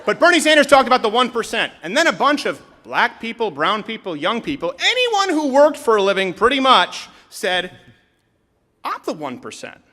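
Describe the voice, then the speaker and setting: A young adult man from Canada giving a live comedic political speech, animated and sarcastic, with sudden shouted bits. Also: extremely high pitch, a little fast, few pauses.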